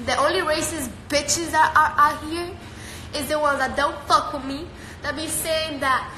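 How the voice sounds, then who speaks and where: A woman's voice: sits high, a little slow, pushed and bright. A teenage woman chatting casually on a live stream, answering viewer comments in a brash, profane, playful way. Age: teens. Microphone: phone. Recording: roomy, noisy phone live stream.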